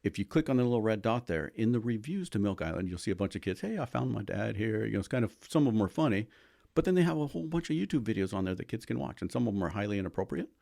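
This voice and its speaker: A man with a fairly low voice talks as a school resource officer on a podcast. He explains things step by step in a casual way and keeps checking in with "right?". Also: very animated, racing, gravelly, dark tone.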